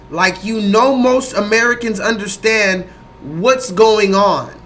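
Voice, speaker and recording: Animated man livestreaming to his chat. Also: high-pitched, slow pace. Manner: animated, rambling, profane, talks to the chat. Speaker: livestream host. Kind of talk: livestream commentary.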